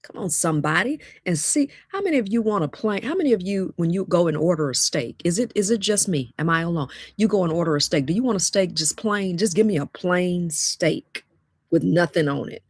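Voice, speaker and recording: A woman's voice: fairly low pitch, lively intonation, fairly quick, slightly rough, no echo, clean studio sound. A woman, giving a motivational talk as a dating coach, emphatic and repetitive with call-and-response phrases.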